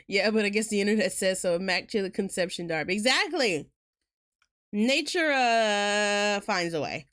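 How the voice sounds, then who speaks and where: A woman's voice: medium pitch, normal speed, long pauses, a bit bright. A woman streamer chatting casually while gaming, rambling through tangents and laughing often. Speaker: game streamer.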